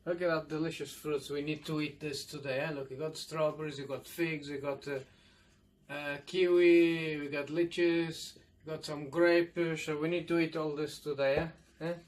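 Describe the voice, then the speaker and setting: A man's voice: a little high, level tone, moderate pace. A man with a Portuguese accent hosting a food show, chatting eagerly and ending lines with "eh?". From Madeira, Portugal. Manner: enthusiastic, ends lines with "eh?". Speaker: mukbang co-host. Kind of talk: casual food chat.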